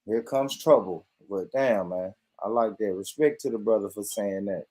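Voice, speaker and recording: A man hosting a show, reacting in casual commentary with loud, profane talk and frequent laughter. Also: lowish voice, normal speed. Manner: loud, profane, laughs a lot, addresses viewers.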